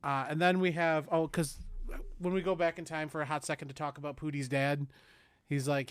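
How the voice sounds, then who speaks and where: A man's voice: a little high, flat delivery, brisk, clear, resonant tone, no room sound. A man co-hosting a podcast, casually recapping a movie, swearing, laughing and acting out lines. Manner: profane, laughs a lot, acts out movie lines. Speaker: podcast co-host.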